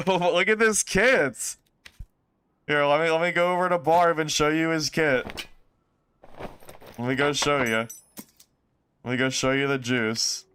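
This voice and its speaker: A man streaming a game, talking casually and exclaiming often in excitement. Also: on the high side, moderate pace, pauses often, a little hiss or hum.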